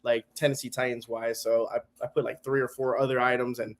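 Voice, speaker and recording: A man guesting on a podcast, chatting casually and telling animated stories that act out what other people said. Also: mid-range voice, brisk. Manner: animated storyteller, acts out quoted people. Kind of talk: casual chat. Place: home garage studio.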